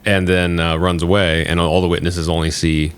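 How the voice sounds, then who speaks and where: A man's voice: low voice, little pitch movement, moderate pace, clean tone. A man co-hosting a podcast, recapping a film in casual chat, rambling with lots of fillers. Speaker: podcast co-host.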